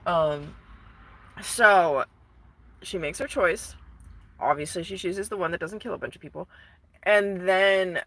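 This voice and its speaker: A woman's voice: lowish voice, a little slow, long pauses, a bit bright. Woman rambling through a profane retelling. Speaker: vlogger. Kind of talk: casual storytelling.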